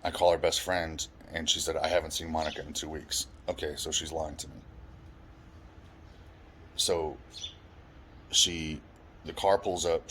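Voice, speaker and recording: A man's voice: very deep voice, a bit bright, a little hiss or hum. A man telling his own life story in a blunt, plain-spoken way, swearing often. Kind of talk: personal life story monologue.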